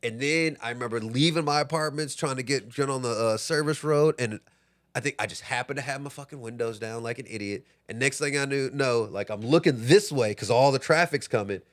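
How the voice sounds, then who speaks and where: A young man from Texas co-hosting a podcast, telling stories in casual chat, swearing freely and acting out the people in them. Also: fairly quick. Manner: animated storyteller, swears freely, acts out quotes in a high voice. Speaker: podcast co-host.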